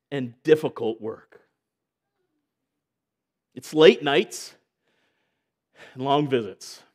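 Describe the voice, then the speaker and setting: Man, high voice, sermon, conversational, joking asides, church elder. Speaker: guest preacher and church elder.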